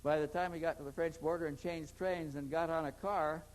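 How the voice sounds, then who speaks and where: Guy telling a long story in an interview, slightly high voice, keeps restarting his sentences. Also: fairly even intonation, fairly quick, poor audio. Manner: rambling, repeats words when starting sentences. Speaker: interviewee recounting experiences. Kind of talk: anecdotal storytelling.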